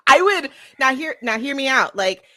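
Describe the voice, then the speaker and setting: A woman's voice: sits high, big pitch swings, normal speed, pushed and bright. A young woman chatting animatedly as a podcast co-host and game master, laughing often. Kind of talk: casual chat.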